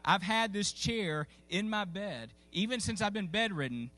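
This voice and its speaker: Folksy pastor telling a story. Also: male voice, sits high, animated, measured pace, sharp tone. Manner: folksy, conversational, with frequent fillers and restarts. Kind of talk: sermon storytelling. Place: church sanctuary.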